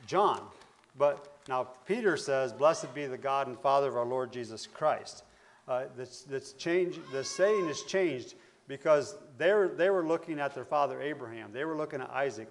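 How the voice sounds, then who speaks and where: A man teaching from scripture in a plain, mid-pitched voice. He talks in a loose, thinking-aloud way, restarting phrases and leaning into the verses he quotes. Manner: conversational, searching, with fillers and restarts. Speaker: preacher. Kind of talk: Bible teaching sermon.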